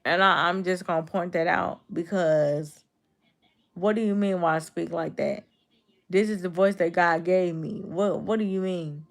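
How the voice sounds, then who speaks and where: A woman in her twenties with a Chicago accent, chatting casually on a livestream and answering her viewers' comments. Her voice is naturally low and gravelly, the kind viewers take for a cold. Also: steady tone, a little slow. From Chicago, USA. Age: 20s. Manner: talks straight to her chat, reading and answering comments.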